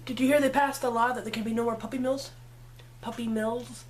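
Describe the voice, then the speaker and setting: A makeup vlogger with a fairly high, steady voice talks a little fast over a faint hiss or hum. She chats playfully through a casual tutorial, talking to herself as she works.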